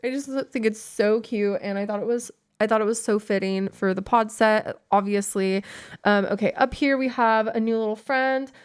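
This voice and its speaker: Bubbly and gushing, a young podcast host chats casually about little keepsakes, saying "like" constantly. Her voice is medium-pitched with fairly even intonation, a normal pace, and a clean tone.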